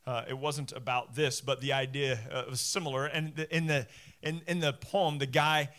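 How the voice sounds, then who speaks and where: A man in his forties preaching a sermon from a church stage, animated and self-deprecating, acting out voices as he goes. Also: mid-range voice, normal speed. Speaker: pastor. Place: church stage before a congregation.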